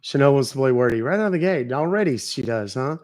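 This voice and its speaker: A man's voice: mid-range voice, expressive, fast talker, darkish tone. Joking, foul-mouthed male stream host. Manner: joking, profane, chatty with the audience. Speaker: livestream host. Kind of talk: casual live-stream chat.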